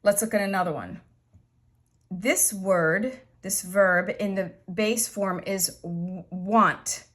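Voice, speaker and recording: A woman teaching an English grammar lesson, explaining slowly and patiently with repeated examples. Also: medium pitch, fairly bright tone.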